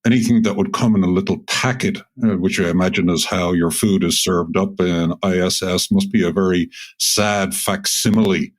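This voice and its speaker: Very deep-voiced male co-host. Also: steady tone, normal speed, hardly any pauses. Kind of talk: casual interview.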